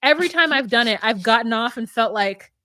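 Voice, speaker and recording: A young adult woman co-hosting a casual recap podcast, talking in an animated way and acting out quotes. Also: on the high side, fairly quick, dry recording, clean studio sound. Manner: animated, acts out quotes from the show. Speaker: podcast co-host recapping a reality show.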